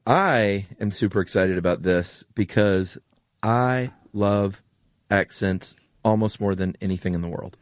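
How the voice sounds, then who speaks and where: A man's voice: lowish voice, unhurried, no room sound, clean studio sound. A man with a General American accent co-hosting a podcast in casual chat, gushing with enthusiasm and repeating himself. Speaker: podcast co-host.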